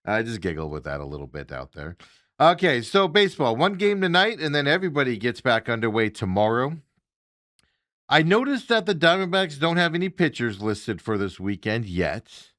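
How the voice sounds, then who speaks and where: A man's voice: mid-range voice, sing-song, normal speed, a bit bright, no room sound, clean studio sound. A man hosting a casual sports talk show, rambling along with lots of fillers and chuckling asides.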